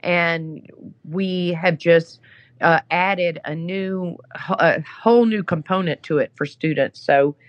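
Slowly and in a fairly low voice, a female app founder guesting on a podcast shares a story in a loose, chatty style full of "you know" fillers. The audio sounds dull.

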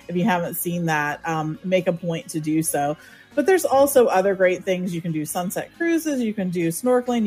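Practical woman giving travel tips. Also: lowish voice. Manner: practical, steady, with frequent ums. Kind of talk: casual podcast advice.

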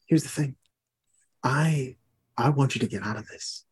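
A man voicing a male champion of a death god in a slow, quiet, threatening put-on accent. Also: mid-range voice, breathy edge. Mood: menacing.

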